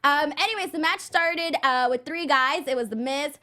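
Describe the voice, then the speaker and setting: A woman's voice: high-pitched, moderate pace, bright, forceful tone. A woman co-hosting a casual chat who recaps events in a breezy, teasing way. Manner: breezy, teasing, runs through results like a recap. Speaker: co-host.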